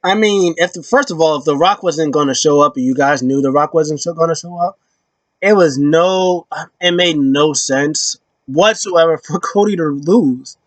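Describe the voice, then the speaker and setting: Animated young man reviewing wrestling. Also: normal speed, no echo. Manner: animated, slangy, acts out wrestlers in pitched-up voices. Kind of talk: casual opinion vlog.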